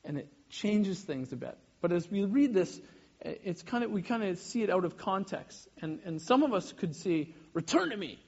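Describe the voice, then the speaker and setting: A man in his thirties, a pastor giving a sermon, animated and often breaking off mid-sentence to act out little scenes. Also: high voice, normal speed, muffled recording. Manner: animated, self-interrupting, acts out little scenes.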